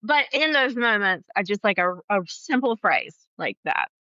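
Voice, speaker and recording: A woman talking casually as a podcast guest, chatty and quick to laugh, with lots of "like" in her speech. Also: mid-range voice, big pitch swings, pushed and bright, no echo, highs cut off. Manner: chatty, laughs often, fillers like "like". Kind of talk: casual chat.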